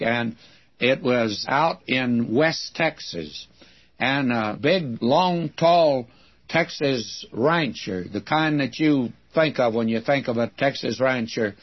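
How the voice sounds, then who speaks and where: Older male preacher, husky, folksy and unhurried storyteller, dull lo-fi recording. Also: medium pitch. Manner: folksy storytelling, mimics voices in anecdotes. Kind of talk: radio Bible-teaching sermon.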